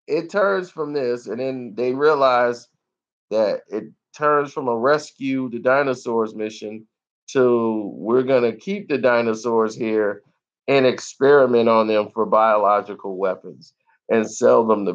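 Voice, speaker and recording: Slow-talking animated movie reviewer man. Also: dull audio. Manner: animated, laughs often, acts out scenes in high squeals.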